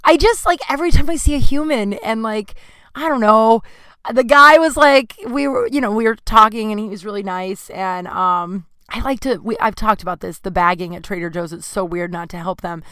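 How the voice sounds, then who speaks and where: A woman's voice: mid-range voice, normal speed, fairly bright tone, clean tone, dry recording. A woman hosting her own podcast, talking in a rambling, candid way with many fillers and sudden bursts of exasperation. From California. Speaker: podcast host. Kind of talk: casual solo podcast monologue.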